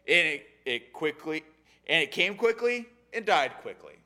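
Bright-voiced man teaching a Bible story. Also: on the high side, measured pace. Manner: animated, acting out the characters' lines. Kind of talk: casual sermon on a Bible story.

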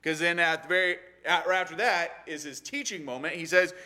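A young adult man giving a casual sermon on a Bible story, animated and acting out the characters' lines. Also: fairly high pitch, brisk, few pauses. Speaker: Bible study teacher.

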